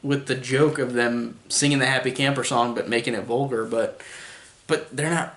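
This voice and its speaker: A man's voice: mid-range voice, fairly bright tone, slight background noise. A man giving a casual spoken movie review, rambling with lots of "like" and restarts, chuckling now and then. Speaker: film reviewer. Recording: echoey room.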